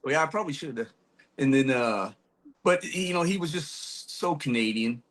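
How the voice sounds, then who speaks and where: A man's voice: mid-range voice, animated, moderate pace, a bit bright. A middle-aged man, a former military trainer, telling rambling, profane stories with frequent laughs as a podcast guest. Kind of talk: casual storytelling chat.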